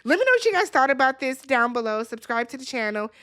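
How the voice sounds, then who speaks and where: A woman's voice: high-pitched, very animated, quick pace, fairly bright tone, smooth. A woman casually retelling a reality-TV episode in a chatty, blunt way, quoting people as she goes. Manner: chatty retelling, quotes people in their voices, blunt swearing. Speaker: recap vlogger.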